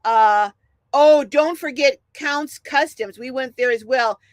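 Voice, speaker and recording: A woman's voice: sits high, slow pace, no room sound. A middle-aged woman hosting a casual livestream, chatting and laughing as she reads out viewer comments. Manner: chatty, animated, laughs often. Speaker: livestream host reading chat.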